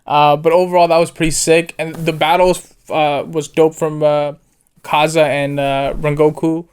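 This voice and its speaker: Young male co-host, smooth and slightly high voice, laid-back casual chat with lots of fillers. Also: level tone, moderate pace. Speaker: co-host of an anime review show.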